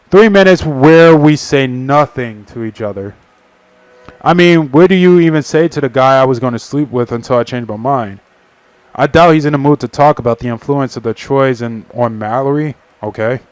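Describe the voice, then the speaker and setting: A man's voice: mid-range voice, moderate pace, dry recording. A young man casually reading a visual novel aloud on a stream, with profane asides. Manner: casual, swearing, laughing asides.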